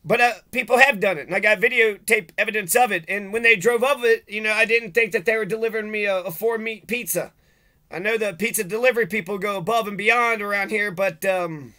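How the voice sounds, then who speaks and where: A man's voice: high-pitched, sharp tone. A man giving an agitated, profane, sarcastic rant in video commentary. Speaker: vlogger.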